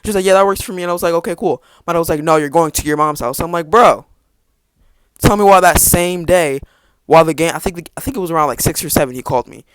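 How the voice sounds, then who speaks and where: Rapid-fire, with few pauses, this teen podcast host casually tells a meandering story about himself, full of restarts and sarcastic remarks. His voice is a little high and smooth, with no echo.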